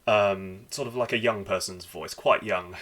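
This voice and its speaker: A man narrating as game master, halting and filling with ums as he describes the scene. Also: on the low side, a bit bright. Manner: halting, many fillers and restarts.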